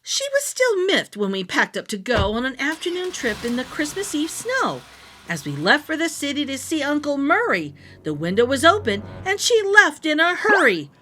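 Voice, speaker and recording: A woman's voice: high voice, huge pitch swings, moderate pace, pushed and bright, a little hiss or hum. A woman narrating a rhyming picture book aloud as a storyteller, reading expressively.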